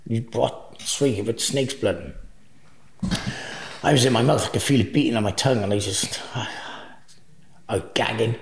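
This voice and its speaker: A man's voice: medium pitch, moderate pace, long pauses. A man as an interview guest, telling crude travel anecdotes with frequent laughter. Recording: echoey room.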